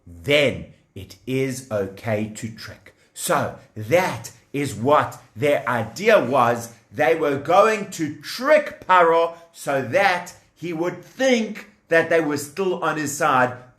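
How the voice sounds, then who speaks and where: A man narrating a children's story in an animated way, asking the young listeners questions. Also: fairly high pitch. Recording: echoey room.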